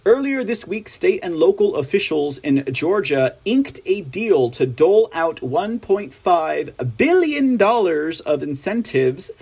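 Sarcastic Texan man with a husky voice. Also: high voice, a little mellow. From Texas. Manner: sarcastic, rambling asides with frequent "right?". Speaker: news show host. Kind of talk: opinionated commentary reading news.

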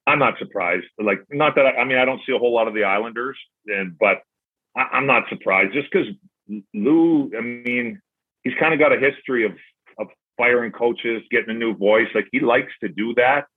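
Husky low-voiced man on a tinny line. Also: moderate pace. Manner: rambling anecdotes, retells dialogue with "I'm like", profane. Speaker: podcast guest, former pro hockey player. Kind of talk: casual storytelling.

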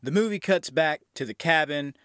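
A man's voice: on the high side, normal speed, a bit bright, no room sound, clean studio sound. A man hosting a movie review podcast, recapping a horror film in a loose, enthusiastic way with frequent fillers and the odd swear.

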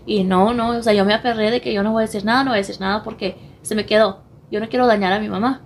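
A young woman whose voice is wearing hoarse, talking as a guest on a podcast in a hesitant, halting way, full of pauses and restarts. She slips between languages mid-sentence. Faint ambient noise sits under the recording. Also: medium pitch, steady tone. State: losing her voice, hoarse. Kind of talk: candid personal interview.

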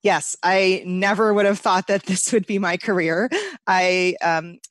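A woman's voice: on the low side, fairly even intonation, measured pace, dry recording. Chatty woman bakery owner, dry sound. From United States. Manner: chatty, laughs easily. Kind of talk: casual interview.

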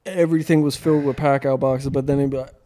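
Mellow-voiced young man. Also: mid-range voice, fairly even intonation. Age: 20s. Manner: profane, storytelling, quick to mimic coworkers. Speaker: podcast co-host. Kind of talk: casual chat.

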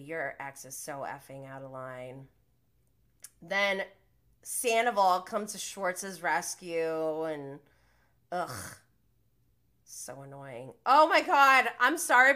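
Woman podcast host, chatty, gossipy, higher voice, acts out every quote. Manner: animated, gossipy, acts out quotes with big pitch jumps, laughs often. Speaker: podcast host recapping a reality show. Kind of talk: casual chat recap.

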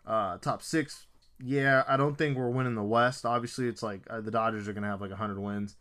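A man with a bright, forceful voice chats about sports with a buddy, loose and excitable. He swears casually and fires off team names in quick bursts, his voice pitched right in the middle.

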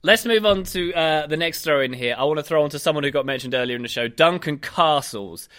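Bright-voiced wry podcast host man. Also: fairly high pitch, brisk. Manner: chatty, laughing, wry. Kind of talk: casual football podcast chat.

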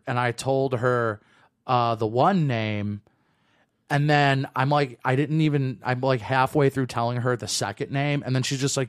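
A man's voice: medium pitch, normal speed, smooth. A man in his thirties, co-hosting a casual podcast, telling a heated story with lots of swearing. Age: 30s. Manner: animated storytelling, swearing freely. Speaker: podcast co-host.

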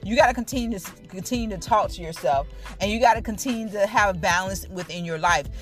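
Woman in her thirties, heartfelt testimony, mid-pitched voice, soft music underneath. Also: quick pace. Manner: earnest, repetitive, talks straight to listeners. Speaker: speaker sharing her testimony. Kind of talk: candid personal testimony.

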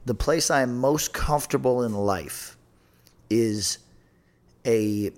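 A man hosting a podcast in loose, profane conversation. His voice sits at an ordinary middle pitch. He rambles through restarts with a sardonic edge. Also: slow. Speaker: podcast host. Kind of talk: casual podcast chat.

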